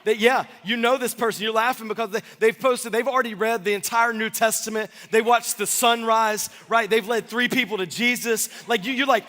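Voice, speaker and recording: A man in his thirties preaching a sermon as pastor, energetic and joking with the congregation in a church sanctuary. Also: very high voice, fairly quick, few pauses. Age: 30s. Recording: long church hall reverb.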